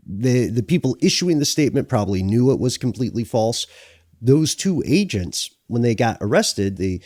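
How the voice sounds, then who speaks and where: A man co-hosting a podcast, telling the story in a lively, joking way with acted-out asides. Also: medium pitch, no echo, clean studio sound. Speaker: podcast co-host. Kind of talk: conversational podcast banter.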